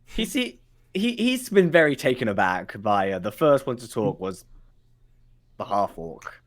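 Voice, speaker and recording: A man narrating a tabletop game as game master, halting with many fillers. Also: medium pitch. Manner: halting, many ums, lively voicing of guards.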